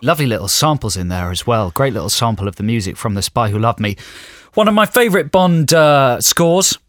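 Male co-host, medium pitch, keen and talkative, dry booth mic. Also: very animated, a little fast, dry recording. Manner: chatty, enthusiastic, asks for agreement. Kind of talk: casual radio chat.

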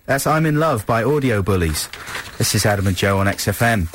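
A man's voice: on the low side, animated, fairly quick, slight background noise. A male radio host chatting and rambling through links, with plenty of hesitation. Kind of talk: radio banter.

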